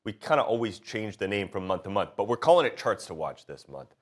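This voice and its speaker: Congested male host, low and nasal, with a very lively pitch and a folksy, upbeat studio manner. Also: brisk. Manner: upbeat, folksy, talks through charts. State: congested from a cold. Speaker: show host. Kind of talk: casual market chat.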